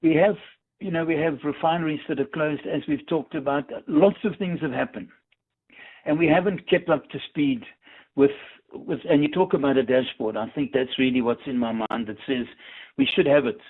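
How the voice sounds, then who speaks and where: A man's voice: fairly high pitch, moderate pace, breathy edge. A man, an industry association head, speaking earnestly in a radio phone interview, often repeating words as he thinks. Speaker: industry association chief executive. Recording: tinny phone line.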